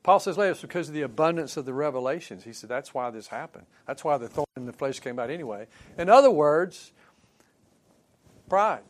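This pastor's sermon is animated and a little fast, delivered in a fairly high pitch. He talks conversationally, questions his listeners, and shifts from hushed asides to forceful emphasis.

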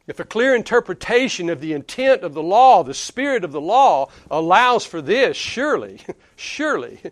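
A man's voice: fairly high pitch, no room sound. A man with a Southern US accent preaching a sermon in a conversational, emphatic way, chuckling between points. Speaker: pastor.

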